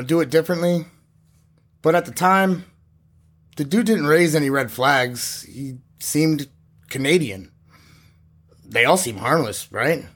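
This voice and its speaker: An actor playing a young male aspiring chef who witnessed a crime, speaking in a halting, casual way with many fillers. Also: fairly high pitch, a bit bright. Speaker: eyewitness.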